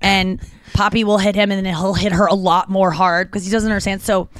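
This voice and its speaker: A woman's voice: medium pitch, a little fast, no echo. Chatty woman telling stories, dry mic. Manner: animated storyteller, many restarts and fillers. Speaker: podcast co-host. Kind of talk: casual chat.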